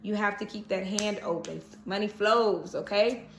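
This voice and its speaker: A woman's voice: medium pitch, normal speed, slight background noise. A woman giving a casual tarot reading to camera, chatty and reassuring, often checking in with "okay?". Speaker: tarot reader. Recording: echoey room.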